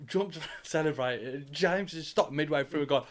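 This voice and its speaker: A young British man co-hosting a podcast, telling an animated story between laughs and frequent swearing. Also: on the high side, moderate pace. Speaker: podcast co-host. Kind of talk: casual chat.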